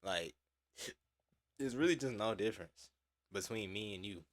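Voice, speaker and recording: A man's voice: fairly low pitch, a little slow. A man reacting to a video in casual, slangy and profane chat, full of fillers.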